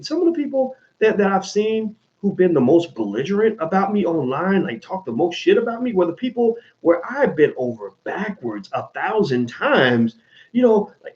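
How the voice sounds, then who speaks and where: A man with a somewhat high voice talks straight to his viewers, animated and blunt, swearing freely and restarting his sentences. The sound is dull and lo-fi. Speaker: host answering viewer questions. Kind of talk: casual monologue.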